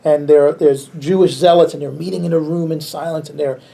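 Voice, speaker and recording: Creaky-voiced pastor teaching a class. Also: male voice, a little high, a little fast. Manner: relaxed, chuckles often, frequent restarts. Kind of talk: conversational Bible class teaching.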